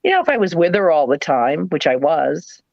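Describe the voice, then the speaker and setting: A middle-aged woman with a New England accent, hosting a live sale and chatting in a rambling, animated way with playful put-on voices. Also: sits low, normal speed, creaky, no room sound, muffled recording. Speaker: live sale host, former nurse. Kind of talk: casual chat.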